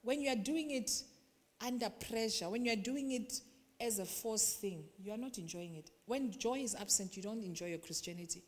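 Animated woman preaching in a reverberant hall. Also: a little high. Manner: animated, swings from quiet to loud, acts out congregants. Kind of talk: sermon. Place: large church hall.

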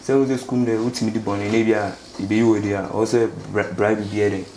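A young man from Ghana telling his story in a casual street interview, speaking haltingly and mixing English with local words. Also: fairly low pitch, fairly even intonation, darkish tone. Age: young adult. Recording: echoey space with faint background noise.

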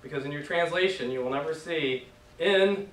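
A man's voice: fairly high pitch, normal speed, a bit bright. Male teacher, patient, playful, leads drills; roomy distant classroom recording. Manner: patient, joking, leads call-and-response drills. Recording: echoey room from far off, faint noise.

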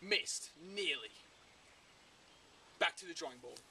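Guy doing a fake survival show in the woods, high swoopy voice, lots of noise behind him. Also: slow pace, recorded from a distance. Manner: deadpan how-to narration that breaks into comic ranting. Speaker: host of a parody survival show. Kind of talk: mock survival-show narration. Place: outdoors in the woods. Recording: outdoor recording with clear background noise.

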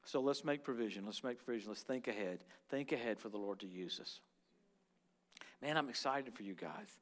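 A man preaching at a church service as a guest minister. His delivery is animated and charismatic, jumping from loud exclamations to quiet, murmured prayer. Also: mid-range voice, a little fast.

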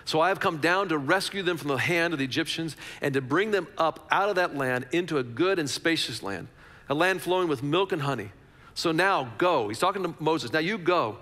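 A man's voice: a little high, animated, brisk, bright, forceful tone, big-room sound. A man preaching a conversational sermon as a pastor, repeating phrases for emphasis.

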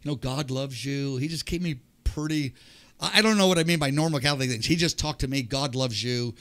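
A man's voice: medium pitch, brisk, a bit bright. An older man, a podcast guest, telling his personal testimony with animation and acting out the voices of people in the story.

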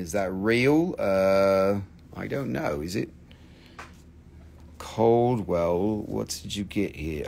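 A man hosting a live sales stream, excitable and theatrical, swearing freely as he gushes over the goods. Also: lowish voice, gravelly, slight background noise. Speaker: live-stream seller, host.

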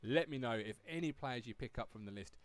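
A man's voice: mid-range voice, lively intonation, fairly quick, no echo. A man hosting a video game guide in a chatty, upbeat, conversational way. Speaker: host.

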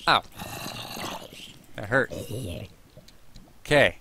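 Slow-talking man narrating his game. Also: on the high side, big pitch swings, sharp tone, slight background noise. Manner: chatty, jumpy, talks to himself and to monsters. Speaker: gameplay commentator. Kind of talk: casual gameplay commentary.

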